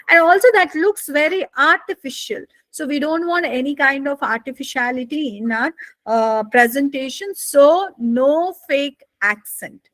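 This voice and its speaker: A high-pitched woman with an Indian English accent lecturing a live online speaking class. Her voice swings up and down with deliberate expression, and she keeps checking in with the class. The sound is close and dry, with no room around it. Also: no echo. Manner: lively rising and falling intonation, asks "isn't it?" often. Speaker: IELTS speaking instructor.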